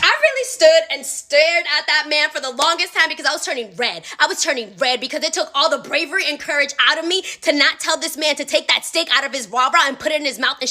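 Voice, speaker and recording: High, fast-talking sassy young woman. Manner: sassy, profane, animated. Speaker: TikTok storyteller. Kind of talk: casual storytime monologue.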